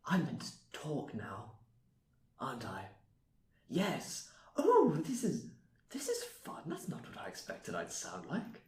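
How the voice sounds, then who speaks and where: A man's voice: wildly swooping pitch, takes it slowly. Man voicing a curious, chatty automaton, wildly swooping voice, echoey room; tabletop play. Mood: wondering. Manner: wondering, stammering, swooping pitch. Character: naive amnesiac male automaton, curious and chatty.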